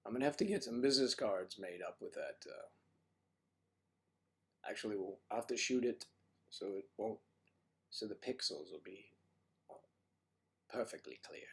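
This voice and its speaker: An older man with a husky voice and a cold, chatting casually as a livestream host, rambling and joking with his viewers. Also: fairly low pitch, animated, moderate pace, long pauses. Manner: rambling and joking, talks to chat. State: has a cold.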